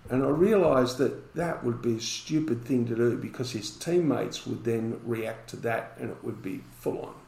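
A man's voice: medium pitch, moderate pace, creaky, few pauses, darkish tone, roomy sound, rough recording. A man, a podcast guest telling a story and acting out the dialogue in it.

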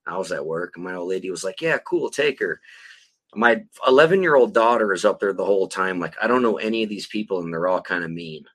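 A man's voice: sits low, fast, few pauses, fairly bright tone. A middle-aged man co-hosting a podcast, ranting in a blunt, heated and profane way. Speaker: podcast co-host. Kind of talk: casual profane rant.

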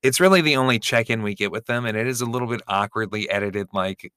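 A man co-hosting a podcast, recapping a reality show in quick, joking banter. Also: on the low side, a bit bright, smooth, dry recording, clean studio sound. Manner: jokey, quick banter with a co-host. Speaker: podcast co-host.

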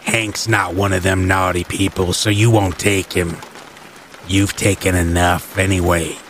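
A man voicing a creepy older man who talks in a low, slow, matter-of-fact drawl, over steady rain. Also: slight background noise. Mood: coldly calm.

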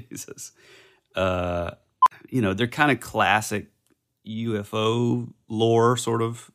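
A man's voice: on the low side, fairly even intonation, slow, a bit bright. A man co-hosting a podcast in casual chat, joking, laughing and stumbling over his words. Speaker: podcast co-host.

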